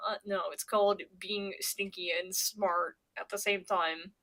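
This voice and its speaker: A woman's voice: mid-range voice, steady tone, a little slow, few pauses, sharp tone. A young woman from Pennsylvania chatting casually on her stream, rambling and swearing, with lots of stammered restarts. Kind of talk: casual chat.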